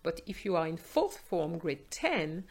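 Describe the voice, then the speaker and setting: A French woman teaching a language lesson, modelling phrases, translating them, and announcing each question number clearly. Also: on the low side, sing-song, a little slow, a little mellow. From France. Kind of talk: slow explanatory language lesson.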